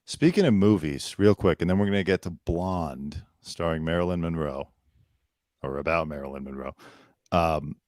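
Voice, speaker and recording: A man's voice: deep voice, moderate pace, a little mellow, no room sound. A man co-hosting a casual comedic livestream chat, talking with a dry, sarcastic, teasing manner. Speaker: co-host. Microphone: headphones with desk mic.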